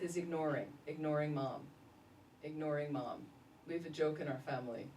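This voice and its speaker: A woman, a Buddhist nun, giving a casual dharma talk full of lively stories and laughter. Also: low voice. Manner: animated storytelling, laughing often. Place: meditation center hall. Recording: roomy echo, distant mic, faint noise.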